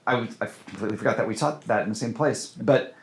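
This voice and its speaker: A man's voice: fairly low pitch, fast talker, gravelly. A man who is a film director, chatting casually in an interview in a rambling, hesitant way with many fillers and restarts. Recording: roomy echo.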